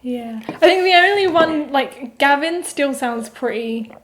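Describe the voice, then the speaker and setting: A woman's voice: sits high, animated, unhurried, very noisy. A young woman co-hosting a casual podcast chat, often trailing off mid-sentence. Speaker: podcast co-host.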